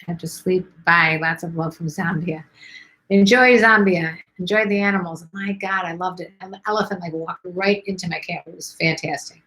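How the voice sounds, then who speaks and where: A middle-aged woman from Chicago answers viewer questions on a casual livestream. Her voice sits a little low, and she talks bluntly with lots of fillers. She is losing her voice and sounds hoarse. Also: fairly even intonation, a little fast, few pauses, bright, forceful tone, poor audio. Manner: chatty and blunt, with many fillers.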